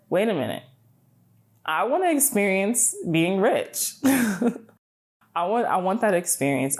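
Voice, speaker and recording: Low-voiced woman hosting a podcast. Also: creaky. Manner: animated and emphatic, swears freely, asks "right?" often. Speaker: podcast host. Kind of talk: casual motivational podcast talk.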